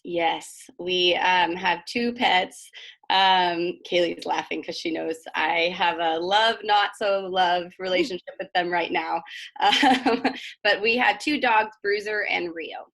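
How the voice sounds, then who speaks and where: A woman speaking on a video call from a small office, friendly and quick to laugh. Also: fairly low pitch, creaky, a bit bright. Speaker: real estate panelist. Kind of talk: casual video call chat.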